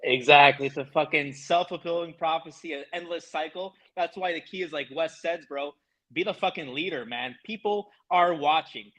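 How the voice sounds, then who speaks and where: Emphatic high-voiced male host, motivational, profane, casual chat. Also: moderate pace, fairly bright tone, low-quality recording. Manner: emphatic, motivational, profane, calls listener bro.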